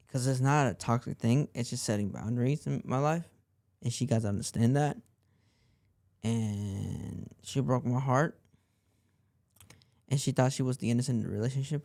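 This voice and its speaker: A man's voice: medium pitch, vocal fry, darkish tone, no echo, studio quality. A young man hosting a podcast, telling a personal story in a rambling way and leaning on "like" and repeated phrases. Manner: rambling, repeats himself, lots of "like". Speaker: podcast host.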